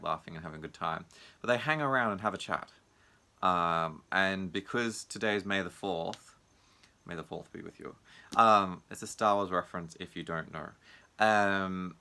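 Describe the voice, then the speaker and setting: A man's voice: sits low, bright, forceful tone. A man, a martial arts teacher, talking casually and reflectively in his own video diary, acting out what other people say. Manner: musing, acts out other people's lines in raised voices.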